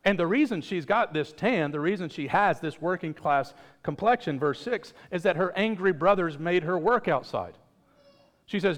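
A man delivers a sermon in an easy, chatty way, breaking off for light jokes with the congregation. His voice sits a little higher than most men's. The sound carries a long reverb, as in a church hall. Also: moderate pace. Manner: conversational preaching with joking asides. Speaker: pastor.

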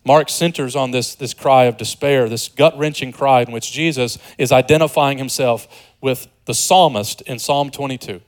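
A man preaching a sermon as pastor, earnest, moving from hushed low passages to loud, high emphatic ones. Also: normal speed.

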